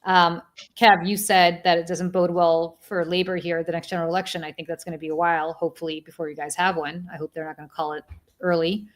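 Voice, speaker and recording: A woman with a slightly low voice co-hosts a casual talk stream. She talks current affairs in an opinionated way, padding her points with "um" and "like.". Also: level tone, fast. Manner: opinionated, hedging with fillers. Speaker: co-host of a live chat show.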